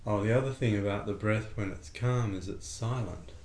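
A man teaching a breathing lesson in a calm, conversational way, acting out little dialogues as he explains. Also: lowish voice, normal speed. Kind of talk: relaxed spoken lesson with a student. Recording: echoey room with faint ambient noise.

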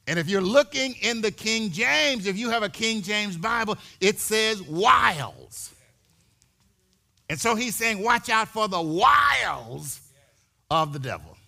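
Animated preacher man, bright gravelly voice. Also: high voice. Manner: animated preaching that swells into shouts, with repeated words. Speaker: pastor. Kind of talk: sermon. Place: church.

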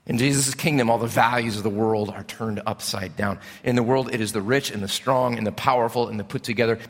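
A middle-aged male pastor preaching a sermon in an animated, conversational way, asking his congregation questions. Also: medium pitch, a little fast, few pauses. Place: church sanctuary. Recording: long hall reverb.

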